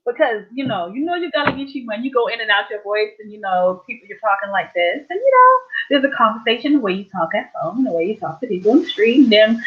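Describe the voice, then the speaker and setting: A woman, hosting a playful, animated casual chat. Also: fairly high pitch, fast. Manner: animated, playful, Southern colloquial speech. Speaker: host. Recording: dull lo-fi audio.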